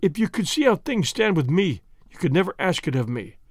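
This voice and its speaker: A man's voice: high-pitched, big pitch swings, brisk, dry recording, clean studio sound. Male reader's young man, ardent and persuasive, storybook lover. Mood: coaxing. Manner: coaxing, earnest.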